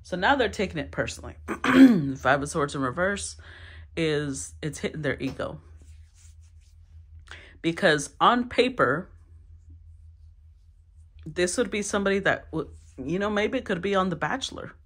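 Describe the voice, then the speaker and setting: A woman giving a solo tarot reading, thinking aloud with sighs, restarts and throat clearing. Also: fairly low pitch, animated, moderate pace. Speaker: tarot reader.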